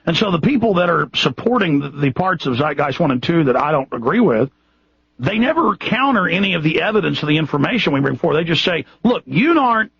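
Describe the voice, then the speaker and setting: A man's voice: fairly high pitch, lively intonation, fast talker, creaky, breathy edge, no echo, lo-fi sound. A Texan man hosting a radio show, talking in an impassioned, rambling way with frequent restarts. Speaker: radio host. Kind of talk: radio monologue.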